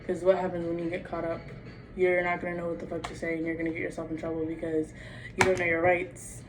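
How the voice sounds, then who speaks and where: A woman's voice: lowish voice, completely flat delivery, fast. A young adult woman vlogging in a casual monologue, blunt and profane, with "like" in nearly every phrase. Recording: distant mic with faint background noise.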